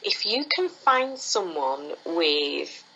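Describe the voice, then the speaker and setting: Here is a fast-talking Englishwoman with a bright, forceful voice, chatting animatedly as an interview guest. Her audio sounds dull and lo-fi. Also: on the low side, big pitch swings. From England. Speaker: guest, foot reading teacher. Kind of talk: conversational storytelling interview.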